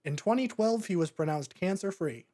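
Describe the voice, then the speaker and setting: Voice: medium pitch, lively intonation, moderate pace, warm tone. A podcast host talking through a movie in a casual, rambling way, often breaking into laughter. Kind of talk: casual movie review chat.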